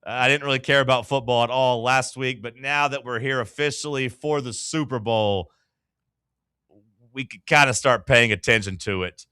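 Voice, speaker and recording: A man hosts a casual sports talk show, loose and chatty with many filler words. His mid-range voice is bright, forceful, clear, and resonant at a moderate pace, in clean studio sound with no room sound.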